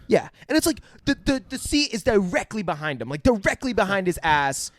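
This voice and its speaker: A man talks through a film scene on a podcast, swearing as he goes and barking out the lines he quotes. His voice sits a little high and sounds close and dry. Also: sing-song, brisk, no room sound. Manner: profane, loud acted-out quotes. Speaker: podcast co-host. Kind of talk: casual movie review chat.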